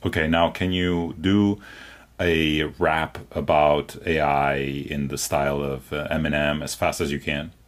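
Very low male voice, casual tester, halting and hesitant. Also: little pitch movement. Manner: hesitant, lots of uh and um fillers. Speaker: user testing the voice assistant. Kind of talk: casual spoken requests.

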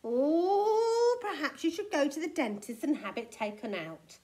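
A woman voicing an exasperated velociraptor friend who calls out loudly in a read-aloud storybook. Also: sits high, sing-song, measured pace, pitched above the performer's own voice.

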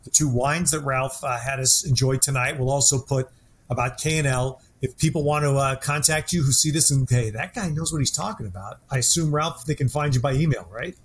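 A man's voice: medium pitch, steady tone, brisk, slight background noise. A man hosting a podcast interview, leading the guest with conversational questions. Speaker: podcast host.

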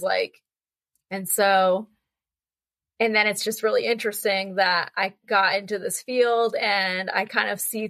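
A young woman guest on a podcast, telling animated, chatty anecdotes and acting out voices as she goes. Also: mid-range voice, creaky, dry recording. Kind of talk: casual storytelling conversation.

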